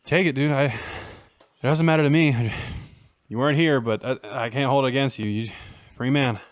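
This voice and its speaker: A man's voice: medium pitch, normal speed, no echo, studio quality. A young man playing a tabletop game, talking bluntly and swearing casually among friends. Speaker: player. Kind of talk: casual chat while gaming.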